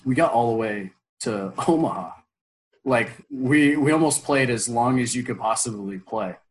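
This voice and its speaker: A man in his twenties telling a story as an interview guest, animated and full of fillers, bursting into loud quoted pep talks. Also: mid-range voice, moderate pace, poor audio. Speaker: former college baseball player, guest.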